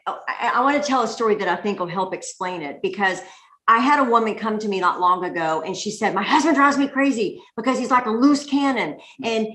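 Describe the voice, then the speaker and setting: A middle-aged woman pastor telling a lively story from the pulpit, laughing easily as she talks to the congregation. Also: mid-range voice, brisk. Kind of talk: sermon-style storytelling. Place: church sanctuary. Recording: echoey church room.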